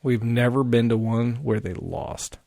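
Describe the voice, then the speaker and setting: A man guesting on a podcast, telling a long casual story in a rambling, animated way full of fillers and swearing. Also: mid-range voice, a little slow, gravelly, dry recording, studio quality.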